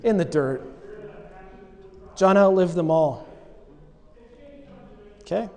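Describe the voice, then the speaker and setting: A high-voiced man preaching, retelling a scripture scene with playful asides and little acted-out voices. His words ring with the long reverb of a big hall. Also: slow pace. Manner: animated storytelling, acts out quoted lines with humor. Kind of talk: sermon.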